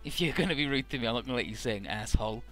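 An irritated young technician snaps curtly, in a man's game-recap voice. The voice is bright and a little raised, over faint music. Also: mid-range voice, lively intonation, racing, lightly acted.

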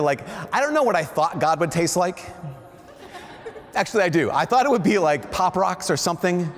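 A Catholic priest, a man, giving a lively storytelling sermon, animated and self-deprecating, often laughing, in a large church. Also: sits high, a little hiss or hum. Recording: long echoing church reverb.

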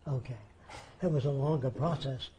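A man's voice: mid-range voice, moderate pace, warm tone, slight background noise, poor audio. An older man telling a story in an interview, plain-spoken, acting out the people he quotes.

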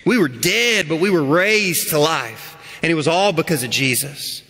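A man preaches to his congregation, his voice bright and a touch high for a man. He swings from loud, rising appeals to quiet, hushed lines. The sound carries the long echo of a church hall. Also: expressive, moderate pace. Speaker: pastor. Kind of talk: sermon. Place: church sanctuary.

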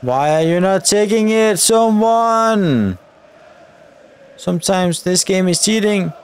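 A young man giving live commentary over a football video game, shouting at the referee in frustrated outbursts. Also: high-pitched, moderate pace, clear, resonant tone. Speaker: gaming YouTuber.

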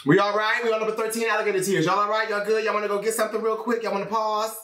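A man hosting an album reaction, talking to viewers in an animated, exclaiming way over the music. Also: high voice, very fast. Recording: roomy, slightly distant mic with music.

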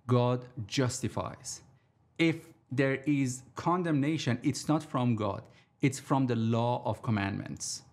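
Slow, deliberate male Bible teacher. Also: medium pitch, darkish tone. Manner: deliberate, repeats key points for emphasis. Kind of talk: recorded sermon teaching.

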